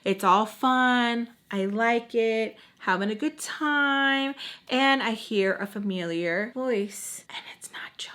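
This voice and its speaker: A woman's voice: fairly high pitch, slow pace. Brief: young adult woman, sassy storyteller, chatty and direct with viewers. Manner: sassy, lively, talks straight to the viewer. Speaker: YouTuber telling a personal story. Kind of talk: casual storytime monologue.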